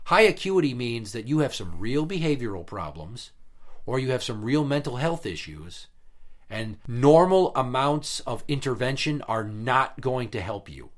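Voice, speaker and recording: A man's voice: mid-range voice, sing-song, measured pace. A man in casual podcast chat, venting about an old job in a blunt, profane way, with heated emphasis. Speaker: podcast guest telling work stories.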